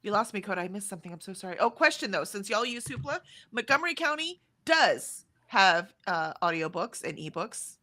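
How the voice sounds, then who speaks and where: Bright-voiced chatty woman. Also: medium pitch, a little fast, hardly any pauses. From Texas, USA. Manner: chatty, reads comments aloud, animated. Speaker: livestream co-host. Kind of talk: casual chat reading out live chat.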